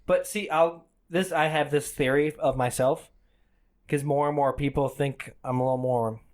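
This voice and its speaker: Rambling young man, slightly high voice. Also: steady tone, moderate pace. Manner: rambling, self-mocking, stumbling restarts. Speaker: podcast co-host. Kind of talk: casual comedy chat.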